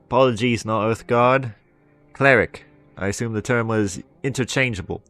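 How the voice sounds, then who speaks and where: A man's voice: medium pitch, normal speed, fairly bright tone, soft background music, close to an everyday voice. A man voicing a shrewd female orc guild agent who speaks in a smug, prying, mock-formal way.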